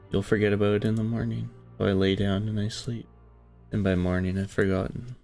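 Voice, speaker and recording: A man narrating a dark first-person story in a hushed, brooding, confessional way. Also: on the low side, little pitch movement, fairly quick, creaky. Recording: soft music behind.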